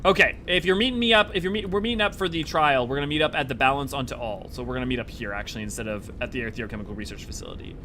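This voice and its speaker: A young adult man streaming a game and chatting casually with viewers in an animated, rambling way. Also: mid-range voice, very fast, few pauses, a little hiss or hum. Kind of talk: casual live-stream chat.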